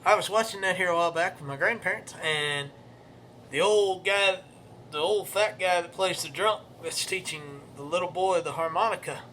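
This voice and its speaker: His voice sits high and sounds pushed and bright, moving at a moderate pace. This young man is the host of his own show, giving a rambling, self-correcting casual monologue that includes poetry recitation, with a bit of hiss or hum audible.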